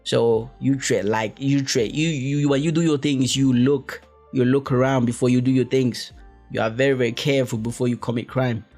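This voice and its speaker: A man from Africa, hosting a podcast in a rambling, profane, animated monologue full of restarts. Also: mid-range voice, moderate pace, faint music behind. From West Africa. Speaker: podcast host. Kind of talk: casual monologue.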